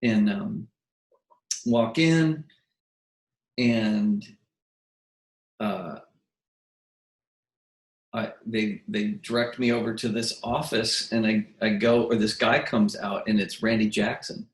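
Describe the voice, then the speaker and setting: A man with a lowish voice speaks slowly, with fairly even intonation and long pauses. He's a musician guesting on an interview, telling stories animatedly in a casual way, acting out quotes and often restarting his sentences. The room sounds echoey.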